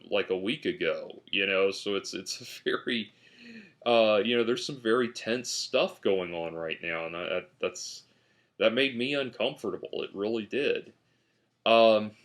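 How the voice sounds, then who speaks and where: A man's voice: on the low side, a bit bright. A man talking casually in a vlog, reviewing a film in a rambling way with many restarts. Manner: rambling, full of restarts and fillers. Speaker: video host reviewing a film.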